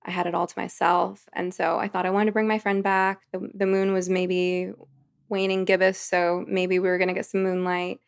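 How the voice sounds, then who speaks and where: A woman's voice: lowish voice, level tone, moderate pace, vocal fry, clean tone. A woman, a podcast guest, telling a vivid story in casual conversation. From United States.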